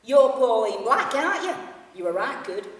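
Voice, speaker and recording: A woman voicing a loud, blunt middle-aged male fan on a train, with a Yorkshire accent, read aloud in an echoey hall from a distant mic. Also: a little high, big pitch swings, moderate pace, pitched above the performer's own voice. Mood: loud, chummy. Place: library hall.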